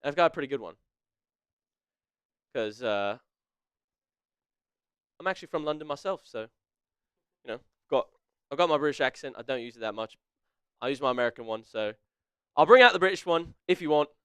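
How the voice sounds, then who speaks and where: A man co-hosting a casual sports live stream, excitable and quick to laugh, reading viewers' names aloud as he calls the plays. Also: medium pitch, clean tone, no echo, studio quality.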